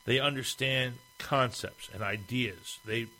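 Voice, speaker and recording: A man's voice: mid-range voice, slow pace, bright, forceful tone, rough recording. A man hosting an opinion monologue, speaking emphatically and firing off rhetorical questions.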